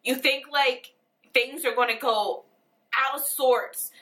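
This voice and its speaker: A young woman in a personal video monologue, tearful and earnest, pausing and restarting her sentences. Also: sits high, fairly even intonation, pushed and bright, rough recording. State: crying, tearful. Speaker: vlogger.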